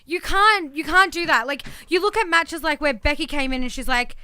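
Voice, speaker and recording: Female podcast co-host, high crisp voice, fired-up casual ranting, dry close recording. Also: bright, forceful tone, no echo. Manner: indignant, fast venting with many "like"s.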